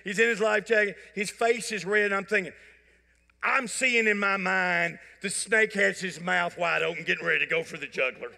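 In a church sanctuary, a man with a high-pitched, gravelly voice preaches to his congregation at a normal speed. His sermon is animated folksy storytelling laced with jokes, and church hall reverb colors the recording.

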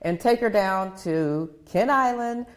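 A woman's voice: medium pitch, slow. A woman co-hosting a local TV live show, cheerfully running through upcoming events and laughing with her co-hosts. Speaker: co-host of a county TV live show. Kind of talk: casual live show chat.

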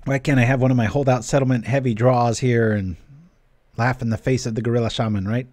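A man's voice: mid-range voice, fairly even intonation, a little fast, a little mellow, dry recording. A man giving casual gameplay commentary while reading his stream chat, chatty and joking. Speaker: streamer playing a card game.

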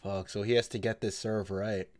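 Excitable young man reacting loudly. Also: on the low side, moderate pace. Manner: excitable, loud outbursts, frequent laughing and swearing, slangy. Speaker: anime reaction host.

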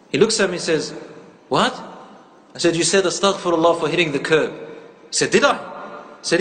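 A man's voice: a little high, lively intonation, brisk, pauses often, a bit bright. A man giving an interactive Islamic lecture, telling a story and questioning the audience, mixing in Arabic phrases. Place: lecture hall with live audience. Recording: echoey hall, faint ambient noise.

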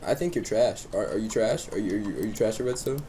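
A young man hosting a casual gaming chat, excitable and teasing, breaking into high yelps over a headset mic. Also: quick pace, a little hiss or hum. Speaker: let's play host.

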